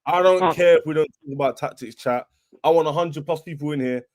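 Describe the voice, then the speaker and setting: A man's voice: fairly high pitch, a little fast, a little mellow. A young man hosting a football fan livestream, boastful and taunting, repeating himself as he rants. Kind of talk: livestream rant.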